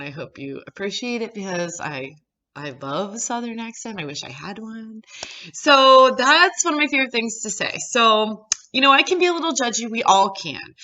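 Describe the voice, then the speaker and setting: Woman therapist vlogging, chatty and upbeat, bright voice, bit muffled lo-fi audio. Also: mid-range voice. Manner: upbeat, chatty, explains step by step. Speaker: psychologist. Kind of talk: casual educational talk to camera.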